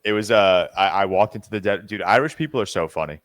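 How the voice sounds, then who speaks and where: A young man with a very low voice chats loosely on a podcast, wandering through his week with lots of ums and false starts. The sound is dry and close to the mic. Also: quick pace, a bit bright, no echo. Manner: rambling, filler-heavy, restarts often. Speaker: podcast co-host. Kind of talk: casual chat.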